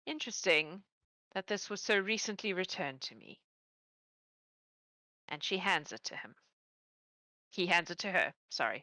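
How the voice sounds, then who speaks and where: A woman narrating as game master of a tabletop game, telling the story in a relaxed, playful way. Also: on the low side, no echo, rough recording.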